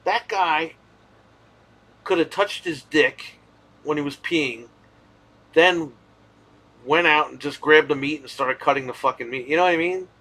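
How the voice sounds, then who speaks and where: Streamer host, man, bright forceful tone, swears freely, loose animated storytelling. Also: fairly high pitch, unhurried, long pauses. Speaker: streamer hosting a live Q&A. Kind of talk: casual live-stream chat.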